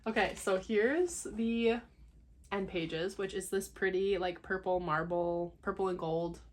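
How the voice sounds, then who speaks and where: A young woman vlogging as she unboxes books, gushing and excitable, at times dropping to a hushed whisper. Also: medium pitch, slow, a little hiss or hum. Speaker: book vlogger. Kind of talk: casual unboxing vlog.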